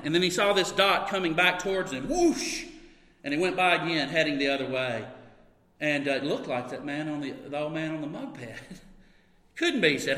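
Bright-voiced preacher in a reverberant hall. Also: male voice, fairly high pitch, animated, moderate pace. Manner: storytelling with bursts of emphasis and laughter. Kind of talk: sermon.

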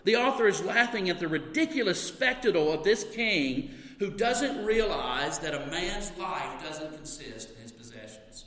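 A man's voice: a little high, expressive, unhurried, a bit bright. A man preaching a sermon to his congregation, telling stories with sudden bursts of emphasis. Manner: storytelling with bursts of emphasis and laughter. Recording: long hall reverb.

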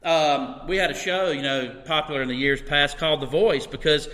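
Bright-voiced preacher in a reverberant hall. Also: male voice, fairly high pitch, moderate pace. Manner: storytelling with bursts of emphasis and laughter. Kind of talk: sermon.

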